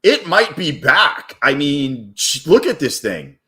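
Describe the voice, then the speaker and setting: A man live-streaming his day trading, chatting casually and excitably, with plenty of swearing and hype. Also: fairly high pitch, slow. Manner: excitable, profane, hypes up his wins; rambling and casual.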